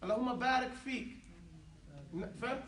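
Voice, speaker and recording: Brief: high-pitched male teacher, joking and easygoing, in an echoey classroom heard from a distance. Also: rapid-fire, a bit bright, slight background noise. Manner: playful, joking, switching between English and Arabic. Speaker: Arabic teacher.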